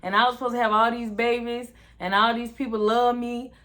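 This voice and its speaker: A woman's voice: fairly high pitch, level tone, a little fast, bright, forceful tone. Candid, emphatic woman talking frankly. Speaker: podcast co-host. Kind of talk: casual heartfelt conversation.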